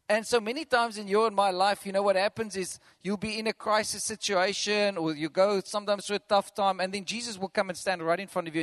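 A man preaching a sermon as pastor, animated, acting out quotes and chuckling between points. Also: sits high, dry recording.

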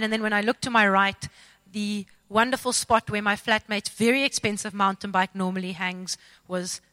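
A woman telling a personal faith testimony in an expressive, self-mocking, dramatic storytelling way. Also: medium pitch, no echo. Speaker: speaker sharing a testimony.

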